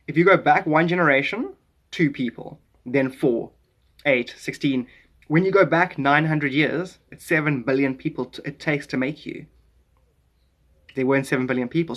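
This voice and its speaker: A South African man chats on a live stream in a casual, rambling way. His voice sits a little higher than most men's. He is animated and keeps jumping between ideas.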